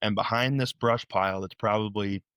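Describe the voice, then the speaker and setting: A young man from Illinois, guest on a podcast, retelling a frightening night in an animated, rambling way with many restarts. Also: lowish voice, moderate pace, smooth, no room sound, studio quality. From Illinois, USA. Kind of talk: storytelling interview.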